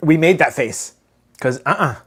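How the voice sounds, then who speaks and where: A man's voice: fairly high pitch, lively intonation, normal speed, a bit bright, breathy edge. A man co-hosting a live stream as the dad, chatting casually and groaning and joking while tasting food. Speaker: co-host, the dad.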